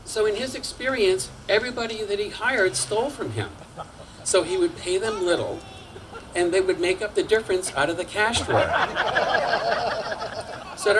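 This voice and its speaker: Older male storyteller, sixties, wry and chatty, slightly high voice, faint hiss behind. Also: moderate pace, pauses often. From Massachusetts. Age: 60s. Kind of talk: personal storytelling on stage. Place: community storytelling night before an audience.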